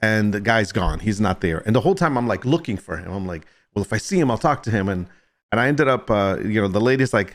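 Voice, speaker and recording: A man's voice: fairly low pitch, expressive, quick pace. A middle-aged man streaming, telling a story to his chat in a rambling way, full of restarts and "I'm like". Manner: rambling, self-interrupting, lots of "I'm like".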